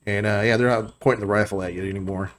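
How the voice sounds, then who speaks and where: A man running a tabletop game as game master, talking in a relaxed, halting way with many fillers. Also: on the low side.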